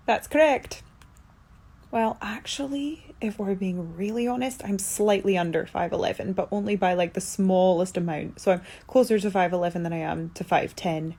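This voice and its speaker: A woman with a Scottish accent answering fan questions in a casual chat to her phone, sounding sleepy and low on energy, alone in a quarantine room. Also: normal speed, gravelly, dark tone. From Scotland. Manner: chatty, tired, low energy. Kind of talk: casual Q&A to camera. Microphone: phone camera, self-recorded.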